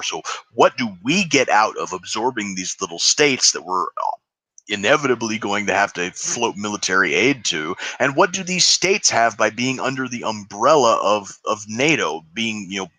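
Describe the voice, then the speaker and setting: A man's voice: lowish voice, bright, forceful tone, no room sound. A man co-hosting a casual political podcast, talking in an emphatic, opinionated way with frequent restarts. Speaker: podcast co-host.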